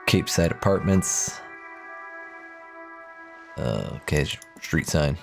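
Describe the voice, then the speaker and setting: A man's voice: low voice, takes it slowly, vocal fry, long pauses, a little mellow, soft background music. A young man livestreaming a game, reading its text aloud with playful, profane asides. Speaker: streamer. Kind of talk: casual gaming commentary.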